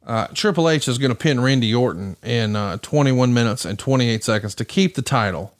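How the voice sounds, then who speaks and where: A man's voice: mid-range voice, lively intonation, no echo. Man reviewing wrestling matches, dry close sound. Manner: brisk, reads match results and asks questions. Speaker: podcast host. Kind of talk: match recap commentary.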